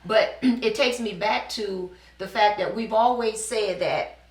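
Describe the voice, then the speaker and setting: A middle-aged woman from New Orleans, a business owner telling her personal story in an interview, animated and acting out the dialogue she quotes. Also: mid-range voice, measured pace, far from the mic. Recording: echoey room.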